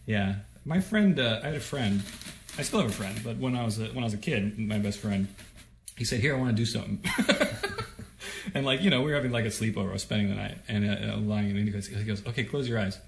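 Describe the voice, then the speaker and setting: A man co-hosting a casual talk show and telling animated stories. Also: fairly low pitch, quick pace, vocal fry, a little hiss or hum. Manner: animated storyteller. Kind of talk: casual chat.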